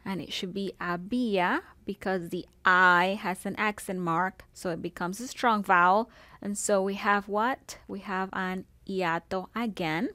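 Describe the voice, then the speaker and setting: A woman teaching a recorded Spanish lesson, pronouncing words slowly and patiently and walking through them syllable by syllable. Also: mid-range voice, fairly even intonation, bright, forceful tone, no echo. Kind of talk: recorded classroom video lesson.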